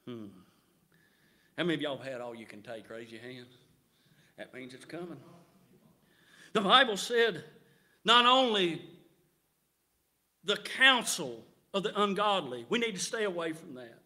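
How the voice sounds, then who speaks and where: A middle-aged man preaching a revival sermon in a church, rising to shouts and punctuating his points with amen. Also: on the high side, animated, measured pace, long pauses.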